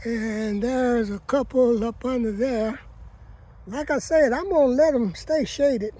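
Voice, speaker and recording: Folksy husky man in a garden. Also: extremely high pitch, measured pace, mellow. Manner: folksy, chatty, keeps addressing viewers as "people". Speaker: gardening vlogger. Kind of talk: casual garden walkabout vlog. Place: outdoor vegetable garden.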